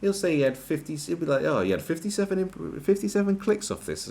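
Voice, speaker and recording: Man, video commentary host; sarcastic, profane rant with a very lively pitch, loud bursts and mutters. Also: quick pace, creaky, few pauses, slight background noise. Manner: sweary, sarcastic, swings from loud outbursts to muttering.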